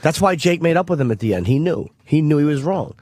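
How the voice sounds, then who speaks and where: A man's voice: on the high side, animated, quick pace, a little mellow, no echo, studio quality. A male radio co-host in casual talk, blunt and argumentative. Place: radio studio. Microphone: studio microphone.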